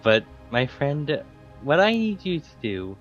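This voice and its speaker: A man's voice: fairly high pitch, big pitch swings, measured pace, muffled recording, soft background music, voice pushed up. A man voicing a polite, earnest adventurer in a tabletop game, speaking with formal courtesy.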